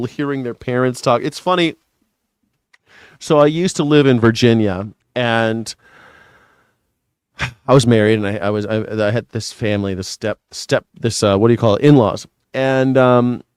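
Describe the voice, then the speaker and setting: A man's voice: medium pitch, darkish tone, smooth, dry recording, clean studio sound. Man rambling through profane commentary. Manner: rambling, profane, laughing at his own jokes. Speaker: host. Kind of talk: casual news commentary.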